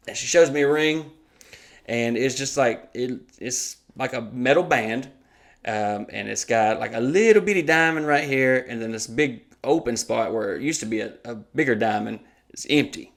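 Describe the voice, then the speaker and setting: A man's voice: medium pitch, normal speed. Profane storytelling podcast host, man. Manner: animated, acts out quoted voices, swears a lot.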